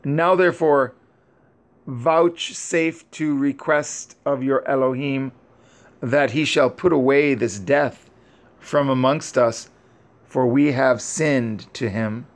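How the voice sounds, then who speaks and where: A man's voice: mid-range voice, slow pace. A man reading aloud and voicing frightened caravan men who plead urgently for forgiveness. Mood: fearful, pleading.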